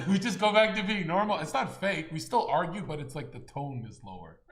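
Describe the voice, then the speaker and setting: A man's voice: on the high side, lively intonation, fairly quick. Joking man in an echoey room. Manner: joking, swearing, mimics others' voices. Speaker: co-host guest. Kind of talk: casual livestream chat.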